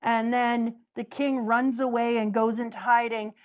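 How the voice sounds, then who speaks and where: A woman co-hosting a casual chat, playfully recapping a story with lively energy. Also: on the high side, unhurried. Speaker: co-host.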